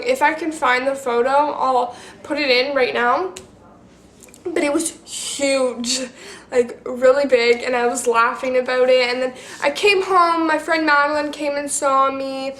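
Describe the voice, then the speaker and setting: A woman's voice: high-pitched, fairly bright tone, roomy sound. A teenage girl vlogger telling a personal story to camera in a rambling, casual way, full of "like" and restarts.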